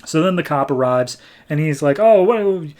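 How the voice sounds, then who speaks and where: A podcast co-host with a voice on the high side talks at normal speed. He recaps a comic book story casually, rambling along and leaning heavily on filler words.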